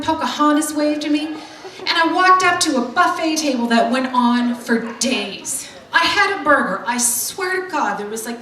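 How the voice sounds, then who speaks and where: A woman's voice: high-pitched, a bit bright. A middle-aged woman telling a stand-up comedy story in a brash, swearing, punchy way, with audience laughter behind her. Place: comedy club stage. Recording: roomy hall mic from far off, noisy.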